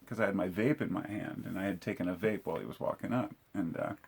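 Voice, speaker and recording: Middle-aged guy with a low husky voice, swearing a lot while he tells a story, blunt and casual. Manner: blunt and profane, quick to shout the quoted lines. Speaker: vlogger telling a true story.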